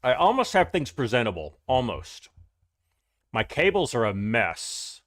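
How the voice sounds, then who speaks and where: A man's voice: medium pitch, big pitch swings, measured pace, a bit bright, no echo, clean studio sound. A man hosting a live game stream, chatting casually to viewers, greeting them by name and rambling through restarts as he plays.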